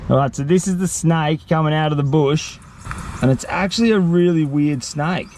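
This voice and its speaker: A man vlogging in the bush, talking to camera in excitable bursts. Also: a little high, moderate pace, a little hiss or hum. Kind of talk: casual outdoor vlog talk. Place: outdoors in the bush.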